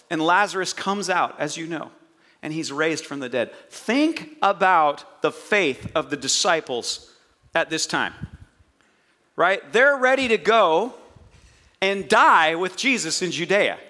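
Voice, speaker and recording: Pastor guy preaching, kinda high bright voice, lively storytelling with jokes. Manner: animated storytelling, jokey asides. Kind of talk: sermon.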